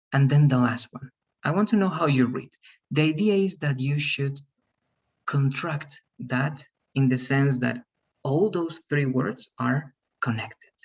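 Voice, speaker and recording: A man's voice: medium pitch, slightly rough, lo-fi sound. A man teaching English pronunciation over a video call, patient and repetitive, calling on students by name. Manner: patient, repeats okay and right, calls on students by name. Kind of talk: online class teaching.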